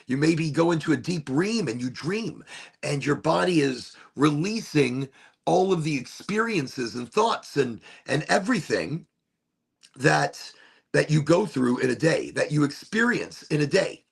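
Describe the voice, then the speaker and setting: A man hosting a casual talk show, musing in a rambling, animated way while smoking, often repeating his phrases. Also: fairly high pitch, vocal fry, husky. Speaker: podcast host.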